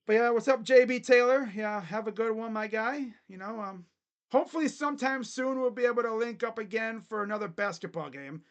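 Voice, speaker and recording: A young man hosting a casual live basketball reaction, joking bluntly and crudely with sudden loud bursts. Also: high voice, fairly quick, dull audio. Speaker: sports channel host. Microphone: webcam setup.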